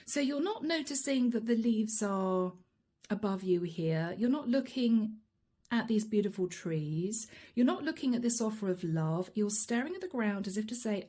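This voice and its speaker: A woman's voice: fairly high pitch, lively intonation, a little slow, dark tone. A woman giving a channeled tarot reading, chatting straight to her viewers and laughing often. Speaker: tarot reader.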